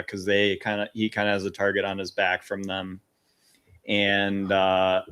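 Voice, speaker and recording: A man co-hosting a casual film podcast, recapping the plot in a relaxed way with plenty of fillers. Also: on the low side, smooth. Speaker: podcast co-host.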